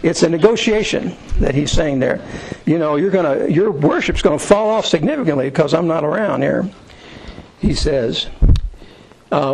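In a low-quality recording with slight background noise, a man teaching an informal Bible study reads verses aloud, then paraphrases them in plain, conversational language. His voice is on the high side and animated, at a normal speed.

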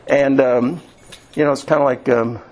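A man from Indiana preaching a sermon in a folksy, storytelling way, often restarting and filling pauses. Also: medium pitch, steady tone, a little mellow, poor audio. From Indiana, USA.

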